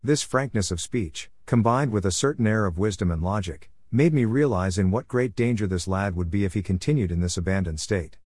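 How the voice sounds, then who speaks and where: Low-voiced man reading an audiobook. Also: dry recording, clean studio sound. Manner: measured, steady, formal reading. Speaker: narrator. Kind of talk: audiobook reading of a religious biography.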